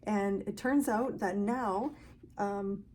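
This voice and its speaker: A woman's voice: medium pitch, takes it slowly, darkish tone, slight background noise. A woman hosting a knitting podcast, chatting casually to viewers in a gushing, grateful way.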